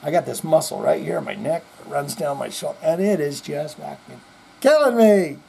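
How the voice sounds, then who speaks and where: A man's voice: on the high side, lively intonation, normal speed, gravelly, darkish tone, slightly rough. A middle-aged man hosting a podcast, rambling in casual chat with self-deprecating jokes. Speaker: podcast host.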